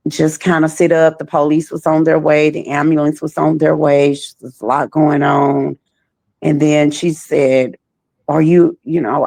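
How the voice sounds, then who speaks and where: Gravelly low-voiced woman telling her story. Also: dark tone, dry recording. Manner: slow, halting, repeats phrases. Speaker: trafficking survivor guest. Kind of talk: personal testimony.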